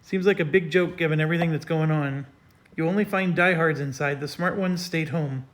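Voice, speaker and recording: A man voicing a jaded male gatekeeper who talks in a slow, sleepy drawl, read aloud from a game's story text. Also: a little high, lightly acted.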